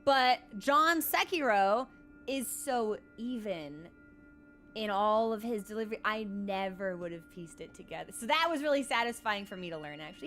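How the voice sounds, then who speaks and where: A woman streaming a game, chatting casually and telling animated stories full of "like" and quick laughs. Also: medium pitch, faint music behind. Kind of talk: casual live-stream chat.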